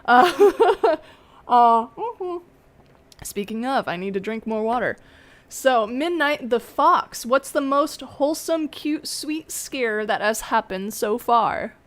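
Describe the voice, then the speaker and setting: Brief: woman interview host, giggly, unhurried, lively pitch. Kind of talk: casual interview chat.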